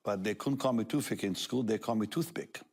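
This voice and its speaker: An older man speaking as a talk show guest, telling a personal testimony in an animated way, often laughing and acting out what others said. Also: on the low side, fast talker, slightly rough.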